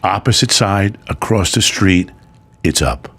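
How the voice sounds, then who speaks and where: A middle-aged man, a guest, telling a personal story in casual chat, emotional and animated. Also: low-pitched, unhurried, slightly rough.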